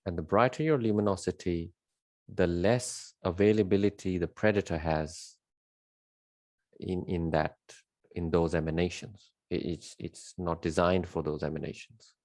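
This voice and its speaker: Deep-voiced man, dry close sound. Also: steady tone, normal speed, a little mellow, no room sound. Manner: emphatic, repeats key words, rambling with fillers. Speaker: spiritual teacher. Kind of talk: unscripted spiritual monologue.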